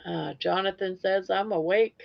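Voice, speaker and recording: An older woman hosts a casual live stream, her medium-pitched, fry-tinged voice unhurried as she rambles from topic to topic and breaks into snatches of song. The stream audio is dull and lo-fi.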